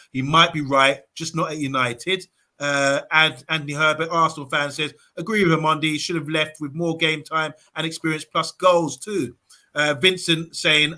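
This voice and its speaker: A man's voice: a little high, bright, forceful tone. A man on a live fan show, reading viewer comments aloud in a casual way with lots of ums and uhs. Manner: reads comments aloud with many fillers. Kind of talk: casual live-stream chat.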